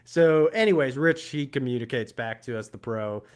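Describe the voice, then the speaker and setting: A man's voice: medium pitch, moderate pace, clear, resonant tone. A man co-hosting a podcast, telling a story in casual chat with lots of laughter. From Georgia, US. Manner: animated storytelling, laughs often. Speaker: podcast co-host.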